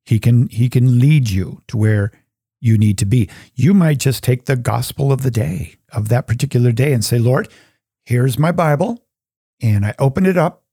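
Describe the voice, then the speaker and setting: A middle-aged man hosting a Catholic talk show, earnestly teaching how to pray and softening into a hushed voice for the prayers. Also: mid-range voice, moderate pace, gravelly, slightly rough, dry recording, clean studio sound. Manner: earnest, drops to a soft, hushed voice when voicing prayers. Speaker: Catholic podcast host.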